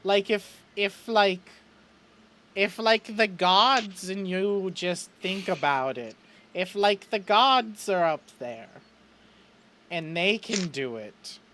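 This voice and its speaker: A man's voice: animated, slow, pushed and bright, slight background noise, heavily acted. A man voicing Chet, a grieving young male artificer who cries and clings to denial, his voice cracking as he sobs. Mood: wistful. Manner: sobbing, voice cracking up high.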